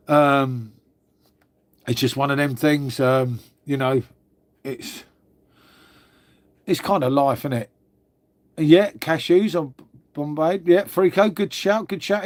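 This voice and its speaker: This livestream host is a middle-aged Englishman with an English accent and a voice on the high side, recorded with no room sound. Friendly and talkative, he goes through viewer comments, saying "mate" a lot.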